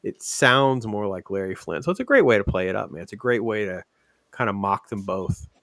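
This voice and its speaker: A man hosting a laid-back film discussion podcast, talking in a loose, rambling way with plenty of fillers. His voice sits low and comes across forceful. The sound is dry and close. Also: expressive, brisk, no echo. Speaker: podcast host.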